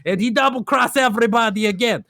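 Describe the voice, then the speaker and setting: High-pitched guy rambling thru a game story, broken english-ish phrasing, dry close sound. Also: fast, pushed and bright, dry recording. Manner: rambling, broken grammar, frequent laughs and fillers. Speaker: co-host recapping a game plot. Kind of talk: casual stream chat.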